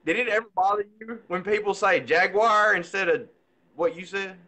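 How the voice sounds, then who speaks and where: A man's voice: high-pitched, normal speed, sharp tone. A man hosting a casual live interview, enthusiastic, laughing often and talking in loose, casual grammar. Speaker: podcast host.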